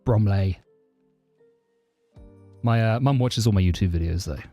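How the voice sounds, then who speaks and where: Quick-paced and fairly low in pitch, this man chats casually on his live stream, answering viewers and thanking subscribers warmly. He's a programmer from southeast London with a southern English accent near received pronunciation but not as posh. Soft music plays behind him.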